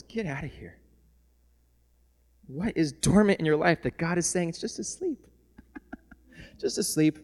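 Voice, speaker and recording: A male pastor preaching a sermon who moves from soft, tender passages to loud shouting and laughs often. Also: medium pitch. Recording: long hall reverb.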